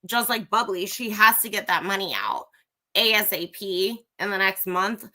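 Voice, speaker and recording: This livestream host delivers ranting live commentary, giving her viewers a blunt, foul-mouthed opinion head-on. She speaks at normal speed with a mid-range, bright, forceful voice and lively intonation.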